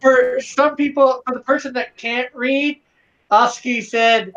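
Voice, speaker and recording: A co-host of a livestream reading chat comments in a halting, filler-heavy way. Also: high-pitched, steady tone, fairly bright tone, muffled recording.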